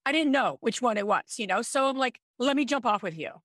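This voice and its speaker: A woman in her thirties, a podcast co-host, telling a personal story in an animated, chatty way. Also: a little high, brisk, no room sound, clean studio sound. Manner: animated, chatty, with frequent "like" and "I'm like". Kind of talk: casual storytelling chat.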